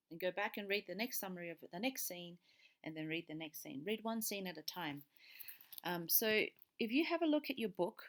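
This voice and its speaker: A woman teacher giving a recorded lesson, explaining patiently step by step and checking in with a frequent "okay". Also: mid-range voice.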